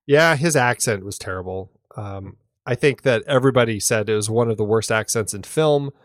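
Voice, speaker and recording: A man co-hosts a podcast, discussing a film with casual enthusiasm and frequent restarts mid-sentence. His lowish voice moves at a moderate pace, and the studio sound is clean with no room sound.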